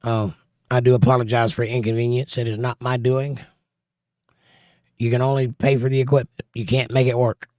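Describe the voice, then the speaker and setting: A man's voice: mid-range voice, level tone, normal speed, a little mellow, no room sound, clean studio sound. Wry man reading chat on a stream. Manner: wry, teasing chat banter. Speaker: livestream host reading chat. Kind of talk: casual live-stream chat.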